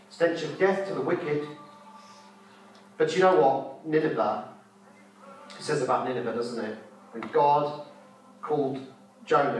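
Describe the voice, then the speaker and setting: A man's voice: mid-range voice, a little hiss or hum. A man preaching a fervent sermon at a conference, repeating his phrases and putting rhetorical questions to the audience. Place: conference hall. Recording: echoey hall, mic from far off, faint music.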